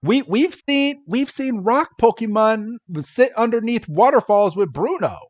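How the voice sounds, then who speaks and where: A man's voice: very high voice, expressive, measured pace, no echo, lo-fi sound. A man co-hosting a podcast, chatting casually and laughing as he retells scenes with quoted voices. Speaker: podcast co-host. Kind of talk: casual chat recapping an episode.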